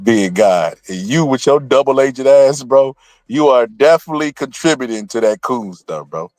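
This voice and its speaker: A man hosting a casual online show, teasing his co-host and telling jokes with quick put-on voices. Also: mid-range voice, animated, a little mellow, no room sound. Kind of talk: casual trash-talk banter.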